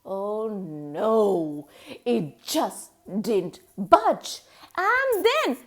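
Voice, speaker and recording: A woman reads a folk tale to a small child. Her voice sits high and swoops widely, and she takes her time, stretching words and putting on animal noises and questions for the listener. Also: sing-song, very slow, a little hiss or hum. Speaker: storyteller. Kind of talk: children's storytelling.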